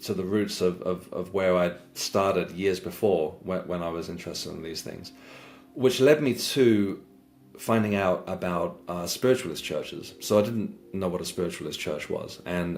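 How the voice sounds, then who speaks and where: A deep-voiced man tells a personal story in an earnest, reflective way. He often stumbles over his words, repeats himself and restarts sentences as he searches for what to say. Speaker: guest sharing a spiritual experience.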